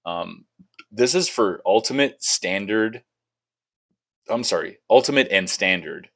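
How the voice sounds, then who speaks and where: A man's voice: lowish voice, expressive, a little slow, a bit bright. A young man hosting a casual gaming podcast, loose and profane, laughing a lot and reading game blurbs aloud. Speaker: podcast host.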